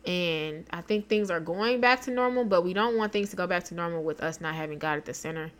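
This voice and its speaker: A woman co-hosting a podcast in relaxed, slangy casual chat, sounding sleepy. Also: lowish voice, brisk. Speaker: podcast co-host.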